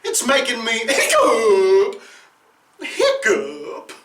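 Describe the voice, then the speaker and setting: A bright, jolly whale with hiccups, as a man puts him on, playful and exclamatory as his voice swoops up and down. He sounds like a storybook character, heard from a distance in a roomy, echoing space. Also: extremely high pitch, huge pitch swings, extremely slow, pitched above the performer's own voice, full character voice. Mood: flustered. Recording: roomy echo from a distant mic.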